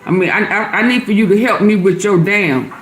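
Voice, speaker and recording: Talking a little fast in a mid-range voice, this livestream host reads out and responds to her viewers' comments, chatty and quick to laugh. She's middle-aged, and faint music plays in the background.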